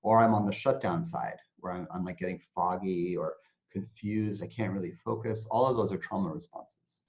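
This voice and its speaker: A man, an interview guest who teaches mindfulness, explaining in an animated way and acting out anxious inner voices. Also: low voice, normal speed. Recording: dull lo-fi sound.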